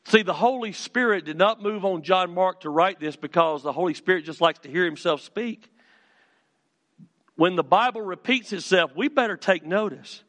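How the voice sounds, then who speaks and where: A man preaching a sermon as pastor in a church, moving from storytelling to fervent, shouted calls to his congregation. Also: sits high, moderate pace, big-room sound. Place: church sanctuary.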